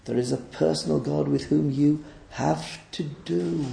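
Slow, gravelly preacher in an echoey church. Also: male voice, on the high side, steady tone. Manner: earnest, rhetorical questions, swings between loud and hushed. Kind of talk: sermon.

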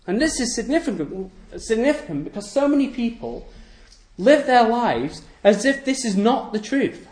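Guy preaching a sermon, high voice, lots of rhetorical questions, echoey church room. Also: very animated, normal speed, a little mellow. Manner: rhetorical questions, emphatic repetition.

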